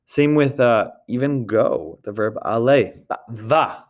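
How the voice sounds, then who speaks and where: A man's voice: medium pitch, slow pace. A man teaching a recorded grammar lesson, patiently repeating points and checking in with his students as he goes. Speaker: French teacher.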